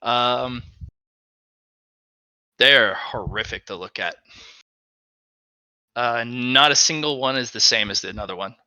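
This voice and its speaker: A male game master narrating a tabletop session, explaining rolls and throwing in playful sound effects. His voice is very bright and crisp, recorded dry and close. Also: mid-range voice, takes it slowly, pauses often, dry recording.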